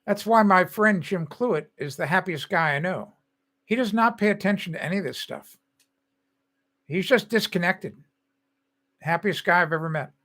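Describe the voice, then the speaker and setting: A man's voice: high voice, normal speed, pauses often, bright, forceful tone. Rambling older man hosting a live stream. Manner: rambling, chatty, laughs often. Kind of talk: casual chat with live viewers.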